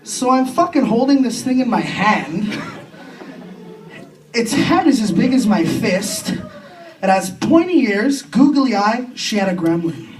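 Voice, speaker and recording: A young Canadian man doing a crude, self-deprecating stand-up comedy set on a club stage, with quick impressions between punchlines. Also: high-pitched, sing-song, a faint crowd. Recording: distant club recording with faint room noise.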